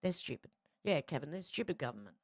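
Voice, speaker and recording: A woman's voice: deep voice, sing-song, fast, no echo, studio quality. Chatty Australian woman reading live chat. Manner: chatty, reads chat aloud with frequent fillers. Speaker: livestream host.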